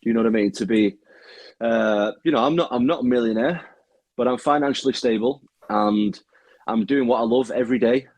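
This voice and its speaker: A man's voice: mid-range voice, brisk, a little mellow, dry recording. A young man with a Manchester accent, a guest fighter chatting candidly in an interview, swearing freely and restarting his sentences. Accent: Manchester English. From Manchester, England. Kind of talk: casual interview chat.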